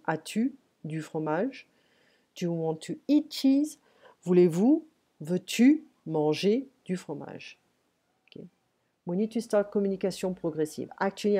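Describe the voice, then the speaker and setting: Teacher lady, soft warm voice, says things twice real patient. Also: on the low side. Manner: patient, repeats phrases slowly and clearly. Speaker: French teacher. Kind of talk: live online language lesson.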